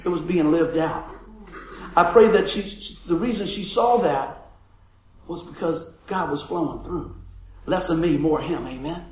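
A pastor with a fairly high, easy voice preaches a homey sermon full of stories. He chuckles often and keeps asking the congregation for an amen. The sound is roomy and echoey, with a faint hiss underneath. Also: a little slow. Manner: folksy, lively, laughing often, calling for amens.

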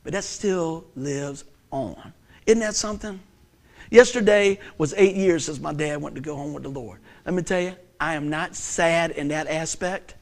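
A middle-aged man preaching a sermon as pastor, animated and joking, telling stories and acting out voices. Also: fairly high pitch, moderate pace. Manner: animated, joking storyteller who acts out voices.

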